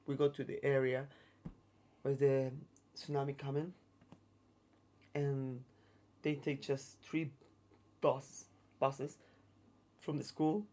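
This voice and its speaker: Interview guest: man, broken English, many restarts, middling pitch. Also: darkish tone. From Mexico. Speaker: guest, circus artist. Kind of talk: casual storytelling interview.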